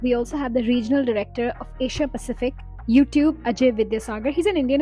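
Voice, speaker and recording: A woman's voice: a little high, fairly even intonation, fast talker, few pauses, mellow, faint music behind. A woman narrating her day in a casual, enthusiastic vlog voice-over. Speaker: vlogger.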